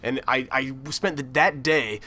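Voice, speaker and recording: A man's voice: mid-range voice, measured pace, bright, forceful tone, slight background noise. A young man from the United States hosting a casual comedy podcast, rambling through a story, swearing and laughing often. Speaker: podcast host.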